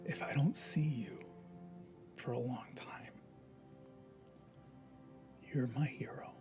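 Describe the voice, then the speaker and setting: A man voicing a condemned young man facing the gallows, who swings between hushed whispers and loud, desperate outbursts. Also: lowish voice, slow pace, over music. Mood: hushed, wry.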